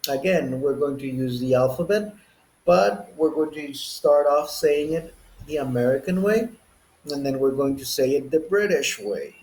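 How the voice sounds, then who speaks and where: A man with a Texan accent leads an English coursebook lesson. He speaks in a slightly raised register and goes through each item slowly and deliberately. He grew up near the Chihuahua and Texas border. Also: a little high, animated, a little mellow, poor audio. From Chihuahua–Texas border region. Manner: slow and deliberate, counting item by item. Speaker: English teacher.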